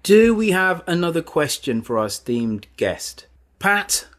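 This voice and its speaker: A man's voice: a little high, sing-song, unhurried, a bit bright. A man hosting a live quiz on a video call, reading out answer options and joking with guests. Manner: jokey, reads options aloud with repetition. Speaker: quiz host.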